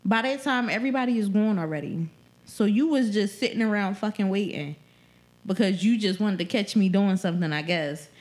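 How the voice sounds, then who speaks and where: A pregnant young woman co-hosts a podcast, telling a story in casual conversation at a slightly fast pace in a mid-range voice. She swears a lot, animatedly acts out what people said, and quotes them often.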